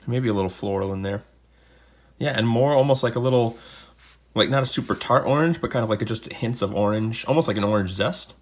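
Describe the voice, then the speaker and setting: A man with a medium-pitched voice talks a little fast as he unboxes things and tastes beer on camera. The video is casual and rambling, full of jokey asides, shot from a desk camera in a home room.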